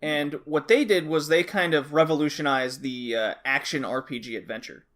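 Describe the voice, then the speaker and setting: A man with a somewhat high voice talks through a topic on a casual podcast. He explains at length, restarts his sentences, and keeps checking in with his co-host. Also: moderate pace, a bit bright.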